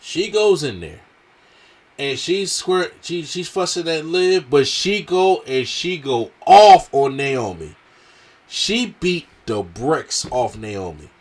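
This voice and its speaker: A man's voice: fairly high pitch, big pitch swings, takes it slowly. A man reviewing a wrestling show in casual slangy talk, with a strained throat, acting out what the wrestlers said.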